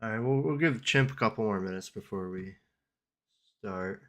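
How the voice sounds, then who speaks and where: A man hosting a gaming debrief in casual chat, relaxed and joking, humming to himself between remarks. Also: fairly low pitch, moderate pace.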